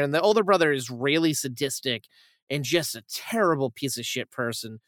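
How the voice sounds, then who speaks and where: A man's voice: fairly high pitch, fairly quick, smooth, dry recording, clean studio sound. A young man hosting a film-review podcast, rambling and profane as he retells a plot in a casual chat. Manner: rambling, profane, animated retelling with acted quotes. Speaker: podcast host reviewing films.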